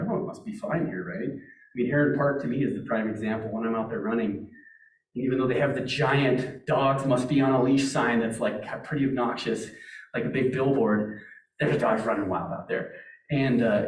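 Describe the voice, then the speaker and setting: A man from Montana talks to a meeting audience in a loose, storytelling way, often restarting his sentences. His voice sits at an ordinary pitch. It is picked up from some distance in a roomy hall with a clear echo. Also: a little mellow. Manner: conversational storytelling with many restarts. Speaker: wildlife agency speaker. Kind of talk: public talk.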